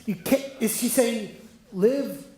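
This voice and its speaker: A wry, rambling musical-theatre fan talks confidingly to the audience, as a man plays him on stage. His voice sits at an ordinary pitch. It rings out through a very echoey hall with faint noise behind it. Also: slow, warm tone.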